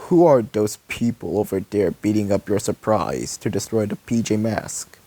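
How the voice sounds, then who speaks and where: A man's voice: lowish voice, moderate pace, warm tone, dry recording, close to an everyday voice. A man voicing a loyal, eager robot servant in a home-read fan story.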